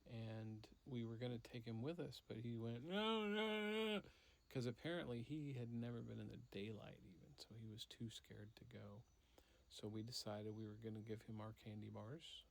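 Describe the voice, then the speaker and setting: With a gravelly, fairly low voice, a man eases through a story for his child, full of fillers and unhurried, voicing the characters as he tells it.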